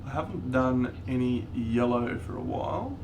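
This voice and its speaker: A man's voice: mid-range voice, expressive, normal speed, noisy background. A man chatting casually on a live stream, greeting viewers one by one as he works on a model. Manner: greets chat viewers while painting a model, laid-back.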